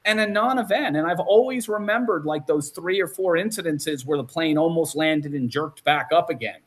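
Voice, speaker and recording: A man hosting a podcast, telling stories in a casual and animated way, often restarting sentences. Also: a little high, moderate pace. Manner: animated, acts out quotes, many restarts. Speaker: podcast host. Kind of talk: casual storytelling chat.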